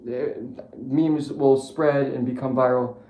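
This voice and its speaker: A young man rants casually and swears freely, circling back and restarting his thoughts as he goes. His voice has a gravelly edge, and it echoes through a roomy space. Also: mid-range voice, fairly even intonation, slow, warm tone. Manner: profane, rambling, frequent restarts and fillers. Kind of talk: casual rambling political rant.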